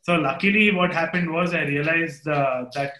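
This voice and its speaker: A lively storyteller, this man speaks Indian English with a slightly high voice. He talks casually and swears freely as he acts out bits of talk, and the room gives his voice an echo. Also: moderate pace. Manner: animated storytelling, swears casually, quotes others. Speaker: interview guest, film director. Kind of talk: casual video chat.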